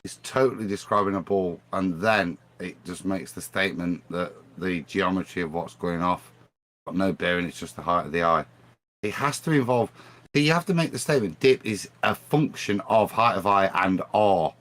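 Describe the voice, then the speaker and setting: A man in a casual livestream discussion, arguing his point with animated restarts. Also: low voice, normal speed. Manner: animated, argumentative, restarts phrases.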